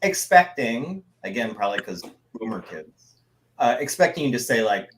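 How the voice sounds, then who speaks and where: Animated man telling stories. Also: medium pitch, moderate pace, a little hiss or hum. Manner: animated storytelling with quoted voices. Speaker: podcast co-host, comic artist. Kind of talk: casual chat.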